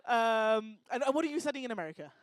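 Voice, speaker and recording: A woman's voice: fairly high pitch, lively intonation, quick pace, no room sound. Teasing woman hosting an event. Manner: teasing, joking, chatty. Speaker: event host. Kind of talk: stand-up style crowd work. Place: lecture hall stage.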